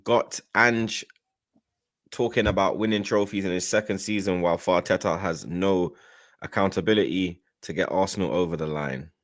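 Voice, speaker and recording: Deep-voiced man hosting a football live stream. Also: normal speed. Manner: loud, brash bursts when shouting out viewers. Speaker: stream host reading viewer messages. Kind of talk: casual live-stream chat.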